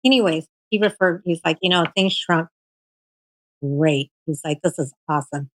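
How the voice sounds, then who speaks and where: A woman with a somewhat low voice talks through her experience in a loose, conversational way. She is animated, leans on fillers, and slips into her doctors' words as she goes. The sound is dry and close. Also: normal speed, no echo, poor audio. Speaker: guest sharing her cancer story. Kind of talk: casual storytelling.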